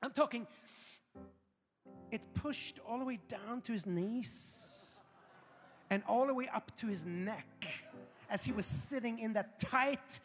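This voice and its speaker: A pastor in his forties telling a funny story in a sermon, animated and building to loud emphasis. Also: very high voice. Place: large church auditorium. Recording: reverberant hall with faint music.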